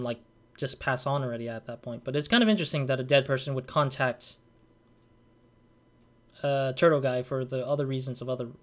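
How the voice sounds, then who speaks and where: A young man casually commenting on a game he is playing, thinking aloud in a rambling way and leaning on fillers. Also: mid-range voice. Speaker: let's play gamer.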